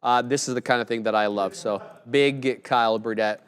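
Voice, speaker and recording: A young man co-hosting a live stream, laid-back and joking, giving enthusiastic shout-outs. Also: medium pitch, steady tone, normal speed. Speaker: co-host.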